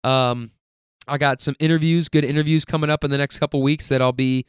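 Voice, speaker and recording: A man's voice: a little high, steady tone, fairly quick, clear, resonant tone, no room sound, studio quality. A man hosting a podcast, telling stories in a loose, profane, rambling way full of fillers. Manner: laid-back, profane, filler-heavy rambling. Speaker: podcast host. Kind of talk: casual storytelling monologue.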